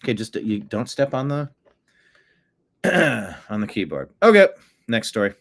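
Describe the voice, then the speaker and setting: Man, host, casual commentary, home desk, slow talk, lively pitch, chats with his cat. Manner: chatty, talks to his cat between stories.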